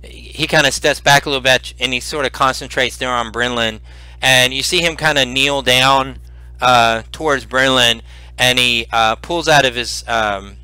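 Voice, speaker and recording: A man narrating as game master in a tabletop game, halting with many fillers. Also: medium pitch, bright, forceful tone, clear, resonant tone, dry recording.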